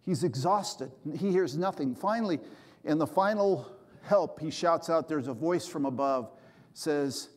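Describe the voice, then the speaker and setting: A man's voice: a little high, a little slow. Older preacher man in a reverberant hall. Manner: storytelling preacher, acts out quoted voices. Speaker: pastor. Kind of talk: sermon.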